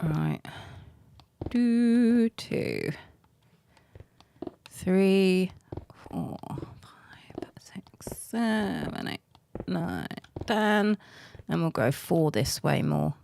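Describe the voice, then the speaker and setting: A middle-aged British woman streaming a game, chatting casually and self-mockingly, laughing often and counting softly under her breath. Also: lowish voice, lively intonation, very slow, creaky, long pauses, slight background noise. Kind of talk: casual live-stream chat while playing.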